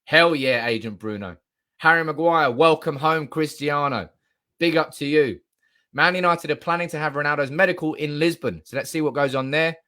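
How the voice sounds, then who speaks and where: With a voice on the high side and a normal speed, a young man live streams as a football fan from an indoor desk mic. He chats eagerly, reads the comments aloud, and lets out swearing and shouting bursts.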